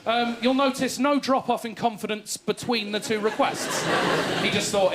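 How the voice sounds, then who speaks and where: A young man from England with a high voice does a stand-up set, a self-mocking storyteller with a posh way of speaking who acts out every quote. Loud audience laughter and clicks fill the recording. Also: unhurried, very noisy. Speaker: stand-up comedian.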